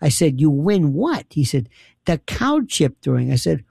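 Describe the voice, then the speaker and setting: A woman's voice: sits low, normal speed, vocal fry, husky, no echo, clean studio sound. A woman telling a funny story in casual chat, laughing and acting out quotes with lots of energy. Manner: animated, laughing, dramatic quoted voices. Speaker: radio host guest.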